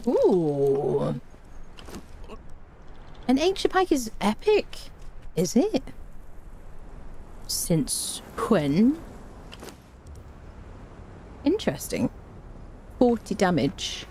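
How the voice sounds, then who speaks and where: Speaking very slowly at a medium pitch and pausing often, a woman from Britain streams a game. She chats casually, reads messages from chat aloud, and rants with energy, with faint background noise in the recording.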